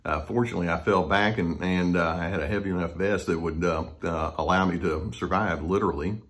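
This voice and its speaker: An older man in his sixties speaks in a somewhat low voice, telling a story from his own life. He is gentle and unhurried, often pausing on small hesitations as he reflects, much like a therapist talking directly to his listeners. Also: steady tone. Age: 60s.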